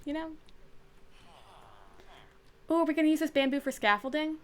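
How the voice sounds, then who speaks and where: A woman's voice: high voice, steady tone, moderate pace. A young woman streamer chatting casually and rambling with fillers while she plays a game. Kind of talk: casual chat while gaming.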